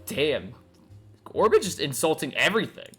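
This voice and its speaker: Guy from north carolina streaming a game, jokey and laughy, bright lively voice. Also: on the high side, normal speed, slightly rough, faint music behind. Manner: joking, laughs often, animated. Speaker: streamer playing a detective game. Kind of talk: casual gameplay commentary.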